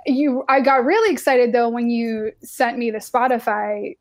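Young woman podcast co-host, casual, filler-heavy, a bit high-pitched. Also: moderate pace. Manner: chatty, heavy on filler words, laughs often. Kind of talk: casual chat.

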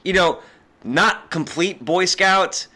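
A man talks through comic ideas in a loose, rambling way, packing his sentences with "like". His voice is bright and forceful, and he is quick to poke fun at himself. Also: high-pitched. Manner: rambling, many "like" fillers, self-mocking. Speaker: podcast co-host. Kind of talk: casual chat about comics.

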